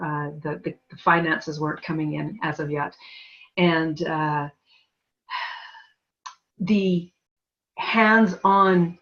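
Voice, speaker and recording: Low-voiced woman, dull lo-fi sound. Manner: rambling, many fillers and restarts. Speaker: guest, energy healer. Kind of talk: casual interview talk.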